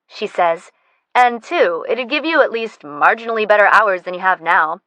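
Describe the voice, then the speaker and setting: A woman's voice: mid-range voice, lively intonation, normal speed, no echo, lo-fi sound. Woman narrating an audiobook wryly. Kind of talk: scripted first-person narration.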